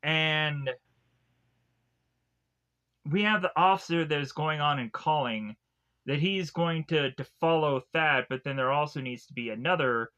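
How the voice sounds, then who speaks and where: A man with a fairly high, sharp voice casually recaps a film's plot as a reviewer, speaking a little slowly with long pauses. He rambles, leaning heavily on "like" and frequent restarts. The audio sounds dull.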